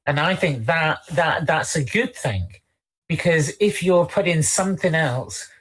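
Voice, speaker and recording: A co-host in casual talk-show chat, speaking haltingly with many repeated words and fillers. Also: medium pitch, lively intonation, a bit bright.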